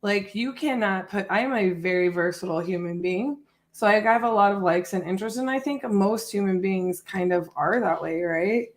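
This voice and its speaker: A woman's voice: medium pitch, moderate pace. A woman with a blended Midwestern and Southern US accent, a real estate wholesaler hosting a livestream and talking friendly and rambling, often restarting her sentences. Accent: mix of Midwestern and Southern US. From Northwest Ohio, raised in Texas from age eleven. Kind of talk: livestream chat and sales phone call.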